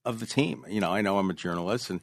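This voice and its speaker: A man in his sixties with a New York accent, a touch lower-pitched than most, tells his stories as a podcast guest. He leans hard on key phrases and says them again for weight. The sound is close and dry, with no room around it. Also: fast talker, no echo. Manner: emphatic, repeats key phrases. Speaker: author guest. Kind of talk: casual interview storytelling.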